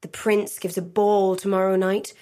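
A woman's voice: medium pitch, level tone, normal speed, warm tone, natural voice. A woman voicing a lovesick young student.

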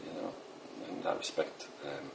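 Middle-aged Dublin poet, very low voice, casual and self-deprecating, noisy background. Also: male voice, fairly even intonation, measured pace, gravelly. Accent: Dublin Irish. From Ireland. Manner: rambling, self-deprecating, many fillers. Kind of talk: casual interview talk.

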